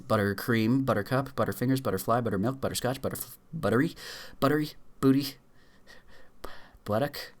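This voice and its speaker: A man reading dictionary words aloud in rapid lists for a video challenge, stumbling and filling gaps with short pauses. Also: mid-range voice. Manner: rattles off words in quick lists, stumbles and fillers. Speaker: YouTuber.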